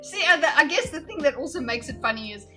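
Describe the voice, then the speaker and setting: A woman's voice: sits high, lively intonation, fast, sharp tone, soft background music. A woman chatting casually as she reacts to clips on a live stream, giggly and easily amused.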